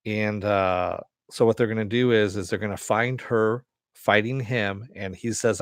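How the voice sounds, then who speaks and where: A man's voice: lowish voice, fairly even intonation, unhurried, no echo, clean studio sound. A man casually retelling a TV episode in a rambling way, full of fillers. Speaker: TV show reviewer.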